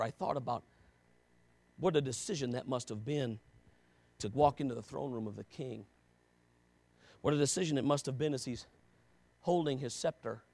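A man preaching a sermon, moving between quiet, low passages and loud, shouted emphasis, with repeated rhetorical questions. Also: gravelly, slightly rough, no room sound.

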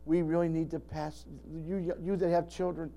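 A man's voice: fairly high pitch, flat delivery, normal speed, dark tone. An older man preaching a sermon in a folksy, rambling way, often restarting his sentences. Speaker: pastor.

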